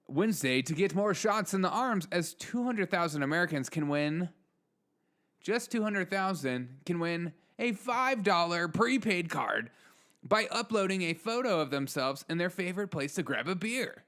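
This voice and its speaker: A man's voice: a little high, animated, normal speed, fairly bright tone. A man hosting his own news commentary show, delivering sarcastic remarks and chuckling often between lines. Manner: chuckles often, mocking asides. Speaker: show host.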